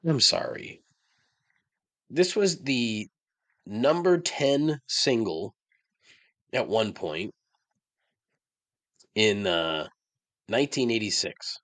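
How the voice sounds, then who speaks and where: Low-voiced man ranting, dry sound. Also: expressive, extremely slow, long pauses, fairly bright tone, dry recording. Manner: ranting, sarcastic, swears often. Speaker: podcast host. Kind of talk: casual monologue.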